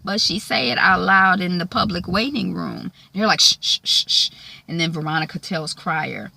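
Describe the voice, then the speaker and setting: A woman recapping a TV episode in a chatty, animated way, full of fillers. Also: fairly low pitch, normal speed, vocal fry, dry recording. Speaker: show recapper. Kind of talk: casual TV recap.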